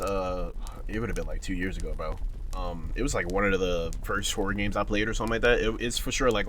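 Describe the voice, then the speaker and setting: Over a faint hiss or hum, a YouTuber rambles and jokes through a horror game in a casual let's-play for his channel, talking to his audience as "bro" and "y'all". His voice sits on the low side and has a slightly bright tone.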